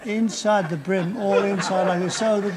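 A man's voice: sits high, fairly even intonation, normal speed, crowd noise. An older man, a comedian, telling comic stories on stage with a dry, drawling delivery. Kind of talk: anecdotal storytelling on stage. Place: stage before a live audience.

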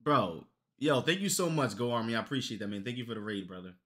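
A young man chatting on a live stream, his voice bright and forceful at a middle pitch. He talks loosely and jokes, with plenty of swearing. Now and then he bursts into loud, high-pitched outbursts. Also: lively intonation, fast. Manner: profane, loose and joking. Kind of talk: casual live-stream chat.

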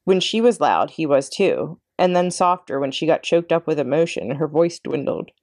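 A librarian woman reading a children's chapter book aloud with expressive narration. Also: low-pitched, normal speed, dry recording, studio quality. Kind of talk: read-aloud storybook narration.

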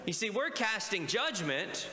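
This male pastor's voice sits high and sounds sharp and very animated, though he never hurries. Preaching a sermon in a church sanctuary, he often calls on the congregation to respond. The recording has the echo of a church hall with faint ambience.

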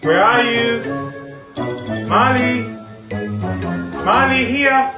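Woman calling her dog, slow, high. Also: over music. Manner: repeated drawn-out calls. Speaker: pet owner. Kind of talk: calling a pet.

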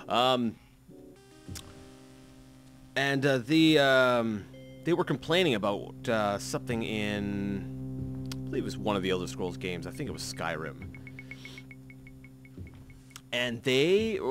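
A man in his thirties talks his way through a game session in a rambling, self-mocking way, stumbling over his words. His voice is bright and swings up and down a lot. Soft music plays faintly underneath. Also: medium pitch, animated, unhurried, pauses often. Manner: rambling, self-mocking, frequent restarts and fillers. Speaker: let's play commentator. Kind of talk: gameplay commentary.

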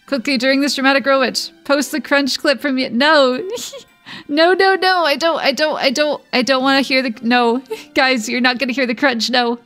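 A woman's voice: sits high, fairly even intonation, moderate pace, fairly bright tone, soft background music. A woman streamer chatting and giggling with viewers while reading game text aloud during a let's-play livestream.

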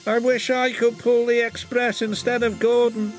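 A man voicing an eager, cheerful male steam engine in a high, wistful voice. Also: level tone, normal speed. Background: loud background music.

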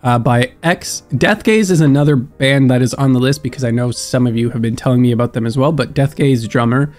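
A young man with a stuffed-up nose, hosting a casual music reaction with excitable, musing commentary. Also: medium pitch, a little fast. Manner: excitable, laughs often, muses aloud. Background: faint music.

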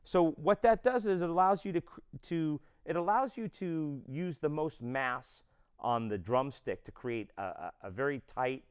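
Male drum instructor, clear smooth voice, lively pitch, methodical step-by-step delivery. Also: a little slow. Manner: explains step by step, counts beats aloud.

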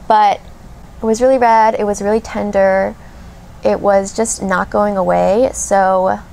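A woman's voice: a little high, gravelly, a little mellow, a little hiss or hum. A woman in her thirties chatting casually while doing her makeup, rambling and gushing with lots of fillers. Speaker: beauty vlogger. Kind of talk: chatty get-ready-with-me vlog.

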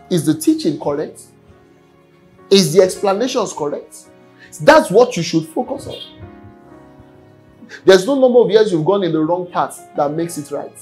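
A man's voice: sits high, a little mellow, low-quality recording. A man preaching a sermon earnestly, often repeating his words. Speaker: pastor. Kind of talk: sermon teaching.

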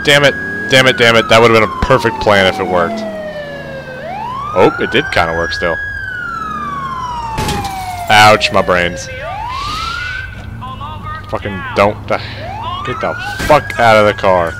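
A young man giving let's play commentary, tired but excitable, swearing often over loud game audio. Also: lowish voice, takes it slowly, pauses often. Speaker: gamer. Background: loud game sirens and traffic.

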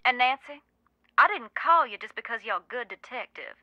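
Southern woman on the phone, earnest and warning, kinda bright. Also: a little high, lively intonation, moderate pace, dry recording, exaggerated voice. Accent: American Southern. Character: serious Southern woman, case caller.

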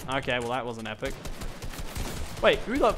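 A young man giving excited gameplay commentary, laughing and chatting to opponents. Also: mid-range voice, normal speed, noisy background. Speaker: gaming YouTuber.

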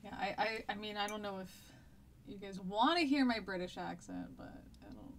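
A woman's voice: medium pitch, moderate pace. A woman, a history teacher chatting casually during a live-streamed lesson, rambling with many fillers and restarts.

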